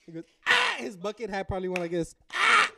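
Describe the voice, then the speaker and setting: A man co-hosting a casual podcast, crude and teasing and quick to laugh. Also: sits high, very noisy. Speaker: podcast co-host.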